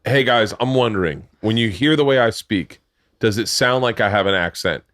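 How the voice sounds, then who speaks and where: A man's voice: fairly low pitch, moderate pace, fairly bright tone, no echo, clean studio sound. A man, a husband and dad, chatting and teasing in a casual family podcast talk at home. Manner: playful, teasing, builds up questions. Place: home room, man cave.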